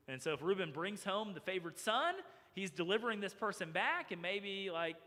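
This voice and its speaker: A man preaching a sermon as pastor, animated and acting out the voices of the people in his story. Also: on the high side, in a large hall. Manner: animated, acts out characters' voices. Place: church sanctuary.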